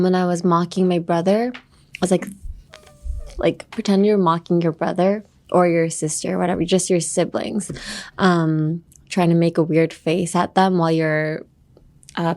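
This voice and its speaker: A woman's voice: fairly low pitch, darkish tone. Playful woman teaching English. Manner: playful, teasing, laughs often; switches between English and Japanese. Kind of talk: podcast English lesson.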